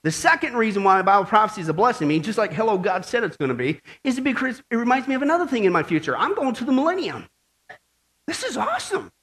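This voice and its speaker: A male pastor giving a lively, joking sermon with emphatic delivery. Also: high-pitched, rapid-fire, few pauses.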